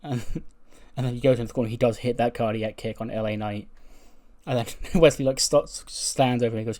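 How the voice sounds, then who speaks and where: A man's voice: medium pitch, steady tone, a little fast, a little mellow. Rambling man narrating a game. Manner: rambling, laughs often. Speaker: video game commentator. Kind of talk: casual gameplay commentary.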